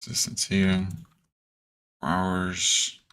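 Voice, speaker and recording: A man's voice: low-pitched, completely flat delivery, extremely slow, pushed and bright, smooth. A man casually talking to himself as he reads trading charts, muttering and dropping playful slang asides. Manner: mutters and talks to himself, hums. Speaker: trader streaming his charts.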